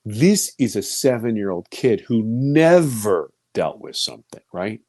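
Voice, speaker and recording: A man in his fifties telling a personal story as an interview guest, voice leaping high when he quotes himself and sinking low and hushed when he recalls fear. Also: a little slow, no echo. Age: 50s. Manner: animated, voice rising high for quoted speech and dropping low and quiet for fear.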